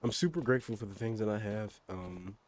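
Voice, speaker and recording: Young dude rambling about bikes while gaming, lowish voice, lots of ums, kinda excitable. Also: male voice, fairly quick, a little hiss or hum. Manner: rambling, excitable, swears casually, many fillers and restarts. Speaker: streamer. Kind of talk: casual chat while gaming.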